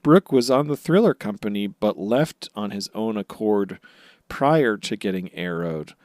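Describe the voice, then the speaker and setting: A man's voice: fairly low pitch, expressive, unhurried, a little mellow, dry recording, studio quality. A man co-hosting a podcast, recapping episodes in casual chat and jokingly acting out characters' lines. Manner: jokey, acts out characters' lines mid-recap. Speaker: podcast co-host.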